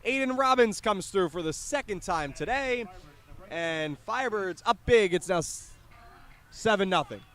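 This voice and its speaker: A young man calling a high school baseball game play-by-play, lively on the big plays and chatty between pitches, outdoors at the field. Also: a little slow. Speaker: play-by-play announcer.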